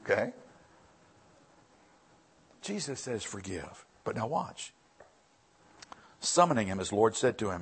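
A man's voice: fairly low pitch, big pitch swings, slow pace, long pauses, slightly rough. A male pastor preaching a sermon, reading scripture aloud and then explaining it with emphatic repetition.

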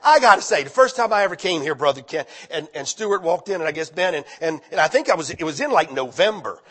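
An older man, a retired pastor, preaching a conversational sermon that climbs into loud, fervent appeals. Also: a little high, very animated, quick pace.

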